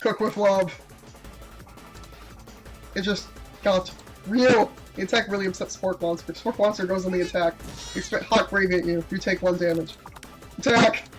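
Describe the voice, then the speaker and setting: A woman's voice: lowish voice, steady tone, a little fast, faint music behind, low-quality recording. A woman playing through a dating game, reading its text aloud with playful, giggly asides. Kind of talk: casual gameplay commentary.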